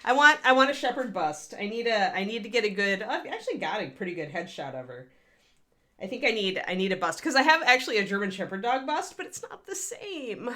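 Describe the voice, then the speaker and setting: Giggly, animated woman hosting a livestream. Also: medium pitch. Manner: chatty and giggly, rambling with restarts. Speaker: host of a miniature painting livestream. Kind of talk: casual livestream chat.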